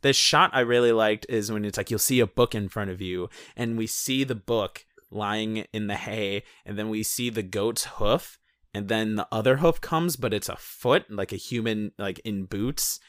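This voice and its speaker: A man's voice: lowish voice, measured pace, a bit bright, dry recording. Man, podcast co-host, casual rambling film recap, swears a lot, dry close sound. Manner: rambling, swears freely, laughs often.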